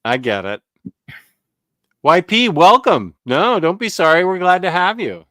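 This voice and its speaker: A man's voice: high voice, sing-song, unhurried, fairly bright tone, no room sound, clean studio sound. A man hosting a casual live chat about comics, laughing often and greeting viewers. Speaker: host.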